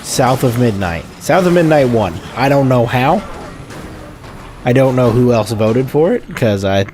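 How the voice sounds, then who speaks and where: A man's voice: medium pitch, expressive, unhurried, darkish tone, faint music behind. A man hosting a gaming video, rambling casually in let's-play commentary and correcting himself as he goes. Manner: rambling, chatty, self-correcting.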